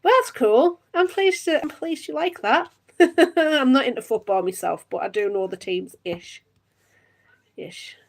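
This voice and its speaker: A woman in her thirties from Northeast England with a Northeast English accent, reading tarot on a live stream and chatting to viewers with lots of giggles. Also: mid-range voice. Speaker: tarot reader.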